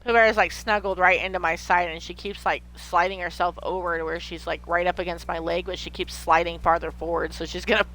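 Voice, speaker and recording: A woman's voice: lowish voice, fairly even intonation, brisk, fairly bright tone. A woman streaming a video game at home, chatting casually, swearing when annoyed and talking to her pet. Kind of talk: casual gameplay chat.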